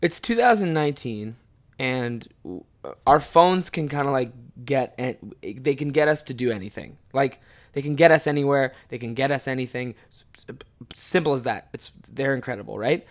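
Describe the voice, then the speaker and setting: A man in his twenties hosting a solo podcast, cursing freely and swinging from mumbled asides to loud outbursts. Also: medium pitch, lively intonation, moderate pace. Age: 20s. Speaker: podcast host and stand-up comic. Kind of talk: casual solo podcast chat.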